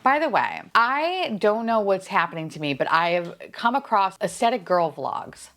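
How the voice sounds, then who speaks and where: Young woman unboxing toys, super animated pitch, keeps laughing and cursing, casual vlog talk. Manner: excitable, swearing, squealing and laughing often. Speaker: vlogger unboxing collectibles.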